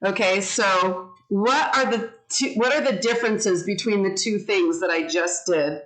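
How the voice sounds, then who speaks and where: Woman teacher, unhurried, deliberate, speaking over a video call. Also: mid-range voice, fairly bright tone, low-quality recording. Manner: slow, deliberate, models pronunciation. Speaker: English teacher. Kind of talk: online class teaching.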